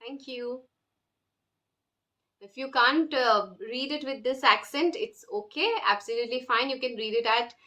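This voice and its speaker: Slow, bright-voiced woman teaching French. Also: on the high side. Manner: slow, drills phrases with repetition. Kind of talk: online language lesson.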